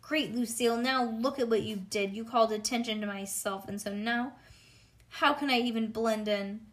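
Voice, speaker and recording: A woman's voice: fairly high pitch, moderate pace, natural voice. Woman doing a spunky outspoken little schoolgirl. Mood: indignant. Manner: loud, indignant, childish.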